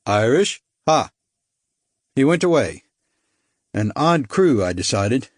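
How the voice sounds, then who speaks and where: A man narrating a first-person thriller audiobook in a measured, dry storytelling manner. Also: medium pitch, sing-song, dry recording.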